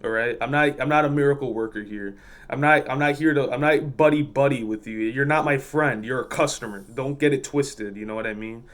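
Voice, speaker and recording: A man's voice: mid-range voice, brisk. A man who works as a fuel pump attendant, telling work stories in a blunt, profane, exasperated way. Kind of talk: casual storytelling vlog.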